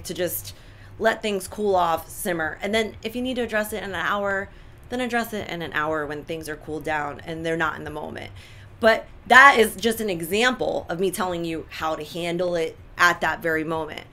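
A woman co-hosting a talk show, giving relationship advice in an animated, emphatic way with lots of repetition. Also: lowish voice. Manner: animated, emphatic, repeats points. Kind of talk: casual advice chat.

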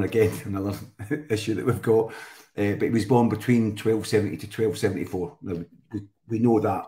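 A man's voice: on the low side, steady tone, fairly quick, dark tone. A Scottish man chatting as a guest, telling stories in a rambling way with many restarts. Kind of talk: casual chat. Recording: roomy echo.

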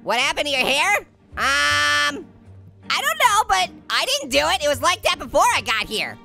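A let's play host delivers an exaggerated cartoon-orange voice, sing-song and gravelly yet squeaky and pitched-up, bright and forceful at a moderate pace. The hyper male character giggles, jokes, and puns over comedic gameplay, with soft music in the background.

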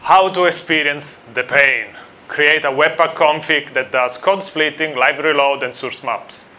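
A man's voice: a little high, bright, forceful tone. A man from Italy with an Italian accent, giving a friendly conference talk to a live audience and asking them questions. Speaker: conference speaker.

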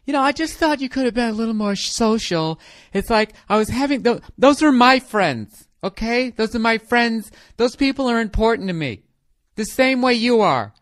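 A man's voice: extremely high pitch, a bit bright, dry recording, studio quality, voice pushed up. A man voicing a nagging, emotional wife who keeps pressing her point. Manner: whiny, insistent, repeats "okay?". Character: nagging wife, adult woman, whiny and emotional.

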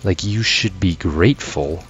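Gaming host, male, low and unhurried, sweary sarcastic rants, late-night weary. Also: fairly bright tone, lo-fi sound, soft background music. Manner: ranting, profane, sarcastic asides. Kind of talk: casual gameplay commentary.

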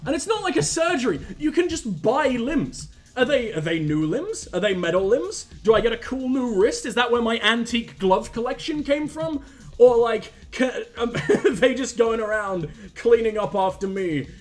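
High-voiced, foul-mouthed joking gamer man. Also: expressive, normal speed. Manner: profane, joking, rambling asides. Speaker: streamer. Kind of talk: live gameplay commentary. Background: faint game music.

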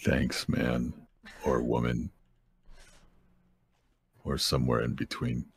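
A man musing slowly and deadpan in casual voice-chat banter, tossing out gamer jokes. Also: a bass voice, vocal fry. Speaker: guest on a livestream voice call.

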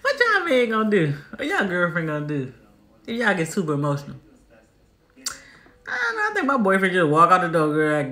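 A woman with a bright, ringing voice gives casual reaction commentary. Her pitch bounces around animatedly, and she teases and chats to her viewers in a playful way. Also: huge pitch swings, moderate pace, pauses often. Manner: playful, teasing, chatty asides to viewers. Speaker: reaction video host.

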